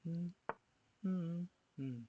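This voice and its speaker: A man streams online chess games, chatting with viewers and poking fun at his own blunders as he commentates live. His voice is fairly high and very slow, and the audio is narrow and tinny with a little hiss or hum.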